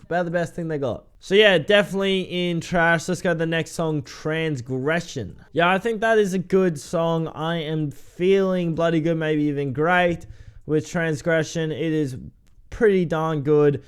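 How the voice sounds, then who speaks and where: A man giving a relaxed, rambling album review, with frequent ums. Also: a little high, a little slow, smooth. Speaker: music reviewer.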